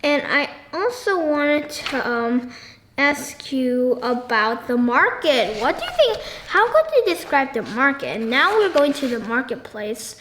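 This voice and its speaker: A woman with a high voice talks slowly through a book discussion, stumbling over her words and restarting as she goes. She keeps turning to the listener with questions. The room is echoey, with a faint hiss behind her. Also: big pitch swings, a bit bright. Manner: halting, searching for words with many ums and restarts; asks the listener frequent questions.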